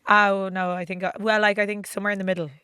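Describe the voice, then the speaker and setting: A woman's voice: medium pitch, little pitch movement, quick pace, sharp tone, smooth, no echo, studio quality. A young Irish woman co-hosting a podcast, frank and self-mocking in a casual chat. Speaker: podcast co-host.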